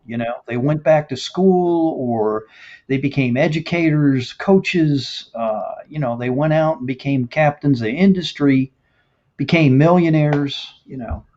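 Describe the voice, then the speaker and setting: A man's voice: on the high side, darkish tone. A man hosting a casual live-stream interview, chatting and laughing as he reads viewer comments aloud. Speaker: host. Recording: dull lo-fi stream audio.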